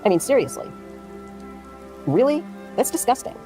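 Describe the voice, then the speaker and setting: A woman's voice: on the high side, very animated, moderate pace, warm tone, soft background music. Heated, foul-mouthed woman streamer. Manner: heated, profane, indignant ranting. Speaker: drama commentary streamer. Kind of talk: casual livestream commentary.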